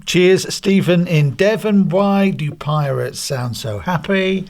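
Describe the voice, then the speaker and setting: A man's voice: sits high, slow pace, darkish tone. A man co-hosting a podcast, presenting in a playful, joking way. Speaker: podcast co-host. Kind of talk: casual chat and presenting.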